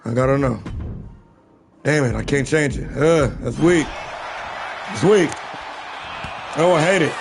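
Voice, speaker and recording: A man calling a wrestling video game live on stream, shouting the big moves and breaking off into profane asides to his viewers. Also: a little high, unhurried, pauses often, music in the background. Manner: excitable play-by-play with shouted calls and profane asides. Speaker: stream host and play-by-play commentator.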